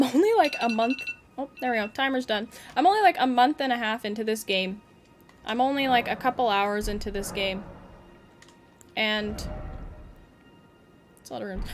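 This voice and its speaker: A woman's voice: on the high side, moderate pace, a little hiss or hum. A young woman chatting casually with viewers while streaming a game, giggly and reactive. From Canada. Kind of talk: casual live-stream chat while gaming.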